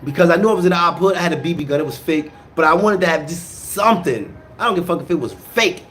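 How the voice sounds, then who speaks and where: A man with a slightly higher voice tells a rough story in casual, slangy talk. He drops to low mutters for asides, then bursts out loud on the action. He stutters and repeats words as the story runs away with him. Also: fast, a little hiss or hum. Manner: animated, jumps from low mutters to loud outbursts.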